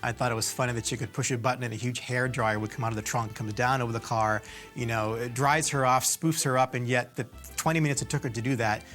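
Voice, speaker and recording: A man's voice: mid-range voice, steady tone, fast, a bit bright, soft background music. A man in an interview, enthusiastically recalling and explaining an old cartoon. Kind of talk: reminiscing in interview.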